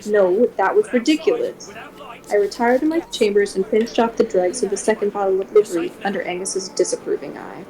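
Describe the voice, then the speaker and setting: A woman streamer reading a gothic horror novel aloud in a steady first-person voice. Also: mid-range voice, a little fast, rough recording.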